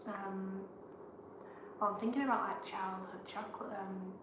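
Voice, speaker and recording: A woman chats casually on a live stream, her speech full of "like" fillers. Her pitch is middling. The sound is roomy, with clear background noise behind her voice. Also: fairly even intonation, measured pace. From Blackburn, England. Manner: chatty, with lots of "like" fillers. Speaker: travel vlogger co-host.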